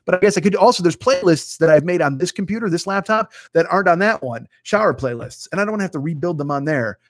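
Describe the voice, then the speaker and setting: A man in his fifties, sitting a touch higher in pitch than most men, rambles through a casual livestream chat with viewers. He swears freely and mocks himself. The sound is dry and close, with almost no room in it. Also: expressive, fast talker, no room sound. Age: 50s. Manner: profane, rambling, self-mocking. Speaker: host. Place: home studio with green screen.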